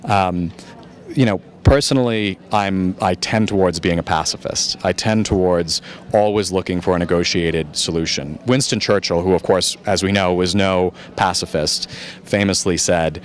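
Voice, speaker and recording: A man from the United States, a journalist, answering audience questions after a film screening in a calm, measured, thoughtful way. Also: sits low. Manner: thoughtful, searching for words.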